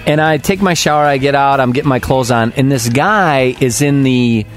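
A man's voice: medium pitch, moderate pace, faint music behind. A man in his forties chatting as a podcast co-host, swearing and sounding incredulous. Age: 40s. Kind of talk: casual chat.

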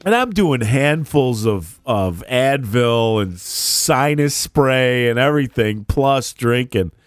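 A man hosting a casual chat, telling an animated, profane story. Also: mid-range voice, slow pace, dry recording, clean studio sound, faint music behind.

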